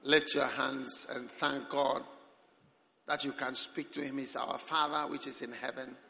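A man preaching a sermon as pastor at a church service, animated and breaking into sudden shouts. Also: mid-range voice, a little slow, gravelly. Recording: reverberant hall.

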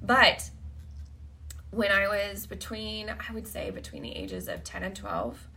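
Gravelly-voiced woman telling a blunt story. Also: medium pitch, wildly swooping pitch, measured pace, sharp tone. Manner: blunt, profane, laughs often. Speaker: podcast host. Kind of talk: candid storytelling monologue.

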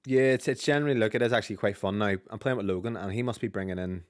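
A Northern Irish man co-hosts a gaming podcast, trading rapid, chatty, sweary banter. His voice is lowish, and the studio sound is clean with no room sound.

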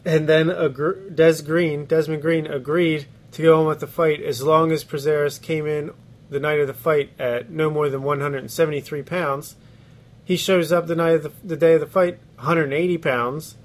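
Speaking at a moderate pace in a fairly high, fairly even voice, this sports podcast co-host keeps things casual. He laughs a lot and swears casually while giving his blunt takes.

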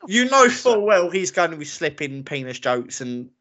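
Ranting opinionated man, bright voice. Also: on the high side, very animated, normal speed. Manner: opinionated, ranting, laughs often. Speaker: podcast co-host. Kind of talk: casual chat. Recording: lo-fi muffled audio.

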